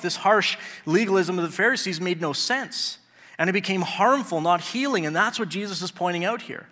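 Man, pastor, sermon, conversational, rhetorical questions, bright tone, long hall reverb. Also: high voice.

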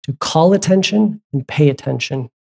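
A pastor delivering a sermon in plain, everyday speech. The voice sits at a middling pitch, and the preacher keeps turning to the congregation with direct questions, sometimes stopping to correct a slip or add an aside. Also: moderate pace, gravelly, warm tone, breathy edge. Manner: asks the congregation repeated questions; conversational, with asides and self-corrections.

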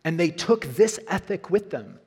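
Male pastor, sermon delivery, earnest, slightly husky voice, conversational asides. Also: a little high, very animated, normal speed, a little mellow. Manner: earnest preaching, frequent "right?" asides.

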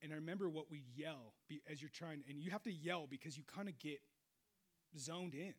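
A middle-aged man preaching a sermon, animated, swinging between loud exclamations and quiet low stretches. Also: brisk. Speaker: pastor.

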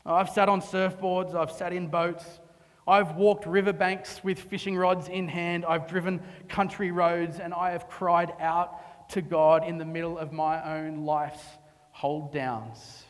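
A man preaching a sermon, dramatic, dropping to hushed tones and rising to impassioned cries. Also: fairly high pitch, little pitch movement, unhurried. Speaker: pastor. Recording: long reverb of a large hall.

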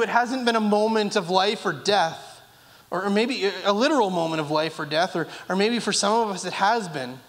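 A man's voice: very high-pitched, a bit bright. A man preaching a sermon as pastor, earnest and repetitive, now and then acting out pleading voices. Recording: long reverb of a large hall.

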